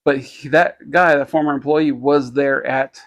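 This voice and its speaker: A medium-pitched man co-hosts a podcast, telling a story during casual chat. His delivery rambles and halts with many fillers, but he livens up whenever he quotes other people.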